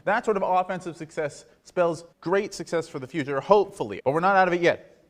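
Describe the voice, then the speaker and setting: A young man hosting a student sports talk show, giving wry, animated takes and dropping into low mutters. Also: a little fast. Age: young adult. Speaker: host.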